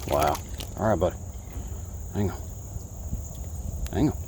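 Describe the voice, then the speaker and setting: A man from Alabama, chatting to the camera from a kayak and talking excitedly to the fish he catches. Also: deep voice, slow, background noise. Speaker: fishing vlogger. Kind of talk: casual talk to camera while fishing. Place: kayak on a creek outdoors.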